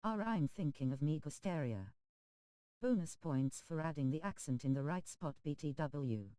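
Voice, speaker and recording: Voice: mid-range voice, lively intonation, moderate pace, dark tone, smooth, no echo, low-quality recording. A text-to-speech voice reading viewer chat messages aloud on a game stream, speaking emoji names and abbreviations literally.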